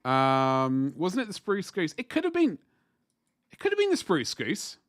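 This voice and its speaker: A man's voice: high voice, wildly swooping pitch, a little slow, dry recording. A man hosting a casual livestream, rambling and chatting with viewers while painting miniatures at his desk. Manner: chatty, rambling, talks to chat while working.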